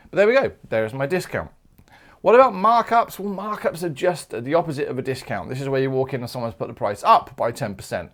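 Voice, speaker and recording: Man from the UK, maths teacher, upbeat and chatty, jokey asides. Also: medium pitch. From United Kingdom. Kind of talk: video maths lesson.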